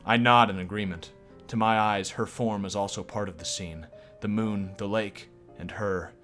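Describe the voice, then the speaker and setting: A lovestruck, self-doubting schoolgirl narrator, read aloud by a man in a lowish voice. Plain, unforced reading with a little music playing faintly behind. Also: steady tone, moderate pace, a bit bright, lightly acted. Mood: wistful.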